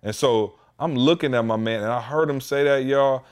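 Animated storytelling man in his thirties. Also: mid-range voice, normal speed, smooth. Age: 30s. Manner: animated, quotes people in heated voices. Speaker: podcast co-host. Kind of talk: casual storytelling chat.

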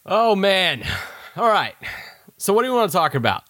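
A man's voice: high voice, very animated, moderate pace, a bit bright, no echo, studio quality. A man from Kentucky co-hosting a sports podcast, telling stories in a loose, rambling way. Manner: rambling storyteller, lots of fillers and restarts. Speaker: podcast co-host. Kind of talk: casual sports podcast chat.

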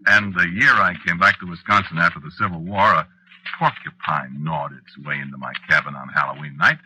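An ageless, nervous husband. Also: male voice, sits low, sharp tone, full character voice, rough recording. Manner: reflective storytelling, flustered in dialogue. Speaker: narrator. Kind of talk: 1940s radio acting.

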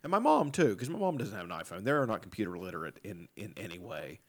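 Animated, profane man chatting casually. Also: lowish voice, fast talker. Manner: profane, laughing, bursts into loud impressions. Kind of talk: casual chat.

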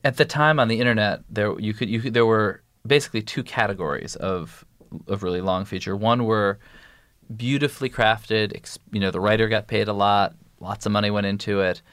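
A man's voice: on the low side, brisk, smooth, no echo. A man talking as an interview guest in a podcast, rambling and restarting his sentences as he explains things at length. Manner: rambling, self-interrupting, animated storytelling. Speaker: guest, news editor.

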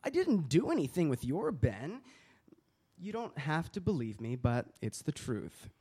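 A man's voice: on the high side, very animated, a little slow, warm tone, slightly rough, heavily acted. A man playing a hesitant, defensive prisoner. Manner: hesitant, insistent denial. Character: shifty male prisoner, defensive and evasive. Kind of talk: stage play dialogue.

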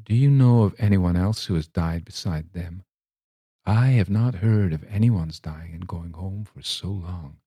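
A man voicing a frail, lonely old noblewoman who speaks slowly and wistfully in a dark, low voice. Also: breathy edge, dry recording.

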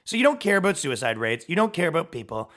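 A man in his thirties holds forth on his podcast in a heated, profane comic rant. His voice sits a bit high and swings widely in pitch. He keeps breaking into quick mocking impressions of other people. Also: big pitch swings, fairly bright tone. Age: 30s. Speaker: podcast host.

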